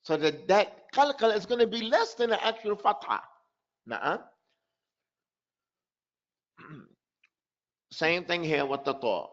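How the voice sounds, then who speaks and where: A man teaching a live online pronunciation lesson, repeating example words and asking his students quick questions. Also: sits high, big pitch swings, highs cut off. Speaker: tajweed teacher.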